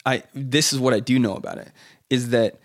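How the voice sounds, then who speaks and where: A man's voice: medium pitch, steady tone, a little fast. A man as a podcast guest, talking loosely with lots of fillers and restarts. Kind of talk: casual conversation.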